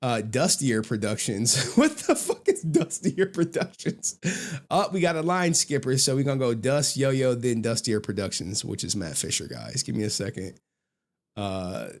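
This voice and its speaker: With a mid-range voice at a moderate pace, this young man runs a livestream and chats casually. His storytelling is animated, profane, and punctuated by frequent laughter.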